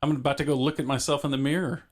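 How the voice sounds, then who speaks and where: A man hosting a live stream, calm and easygoing, steering the conversation and reading the chat. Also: medium pitch, very fast. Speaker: stream host.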